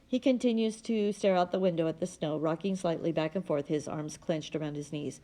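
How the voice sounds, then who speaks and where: A woman reading a novel aloud in a steady, plain manner. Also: low-pitched, brisk, few pauses. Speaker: audiobook reader.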